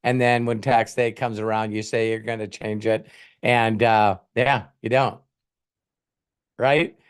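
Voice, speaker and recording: A man's voice: lowish voice, level tone, a little slow, clear, resonant tone. Man giving a rambling motivational talk. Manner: rambling, conversational, acts out scenes. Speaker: host, motivational coach.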